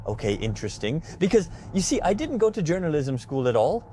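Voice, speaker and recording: A man hosting a casual interview from inside a car, upbeat and animated. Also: a little high, brisk, a little hiss or hum. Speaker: host.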